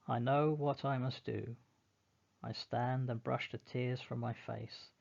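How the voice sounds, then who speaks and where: A man narrating a novel in the first person, in a slow, measured, mournful reading. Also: medium pitch, fairly even intonation, vocal fry, a little mellow, highs cut off.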